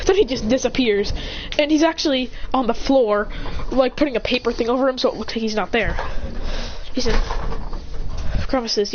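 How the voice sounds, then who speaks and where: A woman's voice: on the high side, fairly quick, long pauses, lo-fi sound, background noise. A woman casually retelling an imagined story in a rambling way. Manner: rambling, with fillers and restarts.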